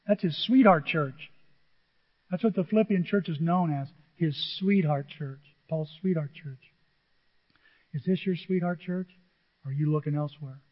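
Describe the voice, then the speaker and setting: Animated high-voiced male pastor preaching. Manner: animated, joking, acts out quotes in different voices. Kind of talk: sermon. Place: church sanctuary. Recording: dull lo-fi audio in a large reverberant hall.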